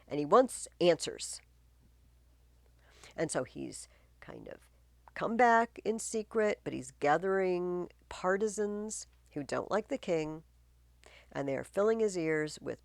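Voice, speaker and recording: Lady teacher chatting through a play, gravelly voice, lively pitch, dry sound. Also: no echo. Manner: chatty, questioning the text. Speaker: literature teacher. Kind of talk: casual explanatory tutorial.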